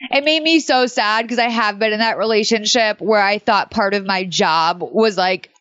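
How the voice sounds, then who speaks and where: A woman's voice: mid-range voice, moderate pace, a bit bright, dry recording. A woman co-hosting a podcast, chatting casually and wryly while recapping a movie, with rambling asides. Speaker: podcast co-host. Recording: dull, dry, muffled sound.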